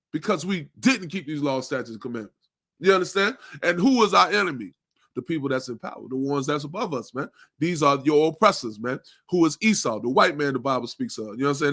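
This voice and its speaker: A man leads a Bible class in a forceful, insistent preaching style. His voice sits somewhat high, and he drives his points home with rhetorical questions, tagging lines with "man." The recording is dry, with no room echo. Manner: tags nearly every sentence with "man" and "you understand?". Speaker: religious class teacher.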